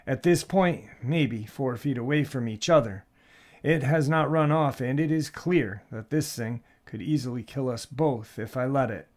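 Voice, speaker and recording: A man narrating a listener's frightening encounter in a steady, measured storytelling voice. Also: medium pitch. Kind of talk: scripted narration.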